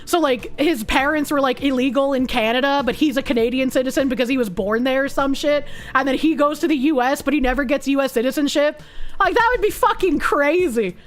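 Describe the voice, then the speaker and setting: A woman's voice: high-pitched, fairly quick. A woman streamer chatting casually and reacting to chat, blunt, sarcastic and heavy on swearing. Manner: blunt, profane and sarcastic, with frequent laughs.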